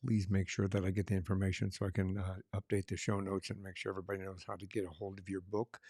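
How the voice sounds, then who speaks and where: A man's voice: sits low, monotone, fast, mellow, no room sound, clean studio sound. A man hosting an interview podcast, courteous and effusive with praise. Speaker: podcast host. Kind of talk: casual interview.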